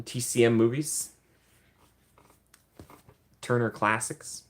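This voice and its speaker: Here a man with a mid-range voice talks at a moderate pace, pausing often. He runs a casual livestream, reading chat questions aloud and answering chattily with plenty of laughter and ums.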